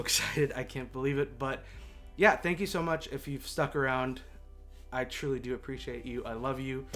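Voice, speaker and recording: A man chatting straight to camera in a relaxed vlog sign-off, his voice sitting at an ordinary middle pitch. He rambles and gets excited, poking fun at himself between thank-yous. Faint instrument music plays softly underneath. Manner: excitable, rambling, self-mocking. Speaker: YouTube ukulele creator. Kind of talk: casual vlog outro. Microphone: desktop condenser mic.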